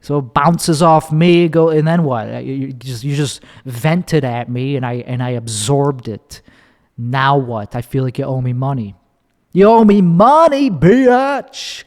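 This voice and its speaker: A man's voice: mid-range voice, big-room sound. A young man, hosting a solo podcast, talking in a sarcastic, profane ramble and acting out other people's voices. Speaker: podcast host.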